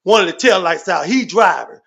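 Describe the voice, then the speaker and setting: A man's voice: sits high, brisk, vocal fry, breathy edge, lo-fi sound. A man telling stories in a fired-up, profane rant on a livestream, swearing constantly and exaggerating for laughs. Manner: animated, repetitive, swearing constantly, comic exaggeration.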